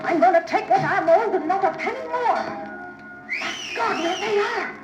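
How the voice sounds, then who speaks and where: An actress playing an anxious, practical innkeeper mother on a vintage children's story record. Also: very high-pitched. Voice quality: worried, brisk. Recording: echoey vintage vinyl with music behind.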